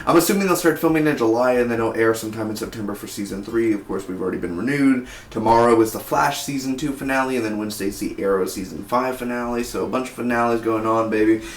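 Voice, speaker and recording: A man reviewing a TV episode in a rambling, excitable way, full of "man" and "like". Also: mid-range voice, fast, few pauses, echoey room, a little hiss or hum. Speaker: TV review vlogger.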